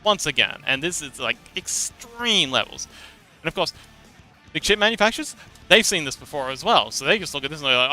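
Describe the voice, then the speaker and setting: A man's voice: fairly high pitch, very animated, a little fast, pushed and bright, soft background music. A man livestreaming, explaining something in a rambling, casual way, repeating words and laughing now and then.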